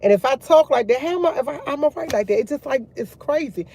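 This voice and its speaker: A woman's voice: high-pitched, expressive, fast, warm tone. Chatty woman rambling about faith. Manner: rambling, restarts often, talks to viewers as y'all. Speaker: vlogger. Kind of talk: casual faith chat to camera.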